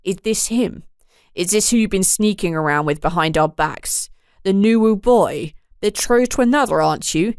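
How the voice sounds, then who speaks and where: A woman's voice: low voice, steady tone, measured pace, vocal fry, few pauses, no echo, studio quality, voice pushed down. Woman doing a snarling brute of a father. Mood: menacing. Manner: snarling, threatening. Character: brutal, raging middle-aged father.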